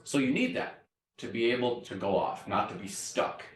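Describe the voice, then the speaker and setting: A man's voice: medium pitch, expressive, moderate pace, slight background noise. A man lecturing to a university class. He explains step by step and often checks in with the students by asking "right?". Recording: echoey classroom, mic far off.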